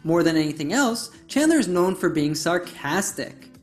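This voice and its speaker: A woman narrates a scripted English lesson, explaining each word clearly and leaning on key terms. Her voice sits fairly low but moves lively up and down. Soft music plays faintly underneath. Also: normal speed. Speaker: English teacher.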